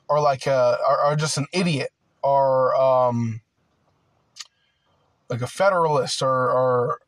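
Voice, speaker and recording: A man's voice: a little high, no echo, low-quality recording. A young man ranting in a casual monologue, heated and aggrieved, swearing often and stumbling over fillers and restarts. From United States. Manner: profane, rambling, filler-heavy with many "like"s and restarts.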